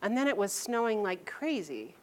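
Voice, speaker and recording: Brief: middle-aged woman storyteller, lively and laughing, voicing family members' lines. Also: medium pitch, normal speed. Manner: animated, laughing, quoting her mother in lively bursts. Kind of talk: personal storytelling to an audience.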